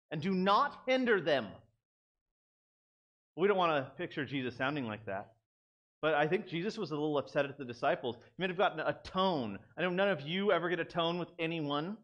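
Young male preacher, relaxed conversational sermon delivery, voice sits high and moves a lot. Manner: conversational, animated, self-deprecating asides. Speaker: pastor. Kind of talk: casual sermon.

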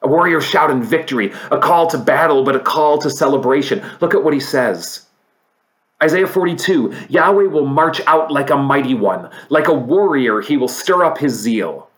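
A man preaching a sermon, reading scripture aloud and swinging from emphatic peaks to quiet, low stretches. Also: animated, normal speed. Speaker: pastor.

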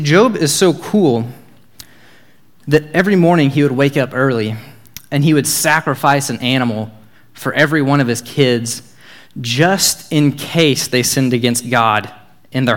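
A young man with a drawl tells a Bible story in a relaxed, joking way. His voice sits at an ordinary middle pitch, and he keeps the tone upbeat and chatty like a youth leader. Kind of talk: casual Bible talk.

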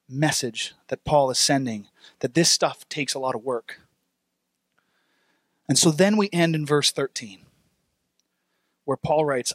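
A man's voice: a little high, slow, pauses often, dry recording. A young adult man preaching a sermon, reading scripture aloud and asking the congregation questions. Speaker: pastor.

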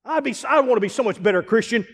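A man preaching a sermon as pastor, emphatic and repetitive, rising into shouts to drive points home. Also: very high voice, lively intonation, fast, gravelly, breathy edge. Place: church sanctuary. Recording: long reverb of a large church hall.

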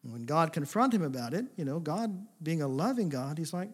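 A man preaching a sermon, swinging between emphatic, forceful passages and soft, hushed asides. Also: a little high, big pitch swings, brisk, breathy edge. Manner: paraphrases God's words in a gentle, intimate voice. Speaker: pastor.

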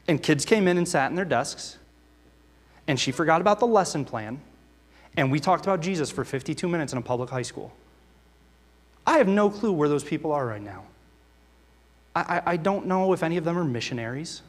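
A man's voice: a little high, very animated, fairly quick, long pauses. A man preaching a sermon, earnest and full of rhetorical questions, reading scripture aloud between his own remarks. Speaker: pastor. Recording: long reverb of a large hall.

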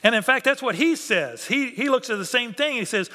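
Pastor, male, bright and high-voiced, animated sermon delivery in a reverberant sanctuary. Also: brisk, hardly any pauses. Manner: animated, acts out biblical characters' voices. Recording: long hall reverb.

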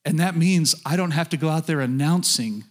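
A middle-aged man delivers a sermon as a pastor. His voice sits a bit high for a man. He preaches in a conversational way and keeps turning to the congregation with direct questions. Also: fairly quick.

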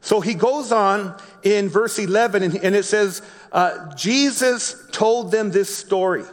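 A man preaching a sermon, reading a Bible story slowly and explaining it in his own words with frequent restarts. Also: high voice, in a large hall. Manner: reads scripture slowly, then explains with repeated restarts. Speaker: pastor.

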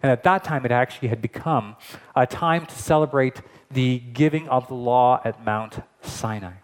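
A man pastor giving a lively, conversational sermon to a streamed church service, with casual asides. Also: medium pitch, moderate pace.

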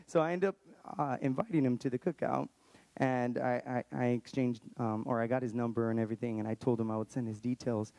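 A man in his thirties near Austin, Texas, tells his own story earnestly but haltingly, often going back to restart an idea. His voice is mellow, warm and gravelly, mid-range with fairly even intonation, captured dry and close with no room sound.

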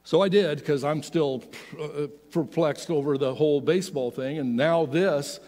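A middle-aged man telling a personal story as a sermon, animated and swinging from loud to hushed. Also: on the high side, normal speed. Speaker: pastor. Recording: long hall reverb.

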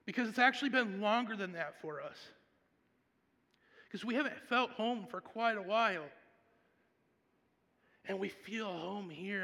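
A man preaching a sermon and telling a personal story, swinging between hushed, quiet passages and loud, animated ones. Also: high-pitched, normal speed, vocal fry, pauses often, big-room sound. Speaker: pastor.

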